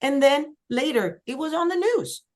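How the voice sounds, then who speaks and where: A woman from Sweden, a singer-songwriter guest telling lively stories in a casual podcast chat. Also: normal speed. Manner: lively storyteller, acts out quoted voices with big pitch jumps.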